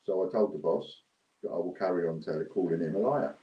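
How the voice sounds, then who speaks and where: A man's voice: low voice, fairly quick, echoey room, lo-fi sound. A man ranting to camera, blunt, indignant and repetitive. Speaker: business owner vlogger.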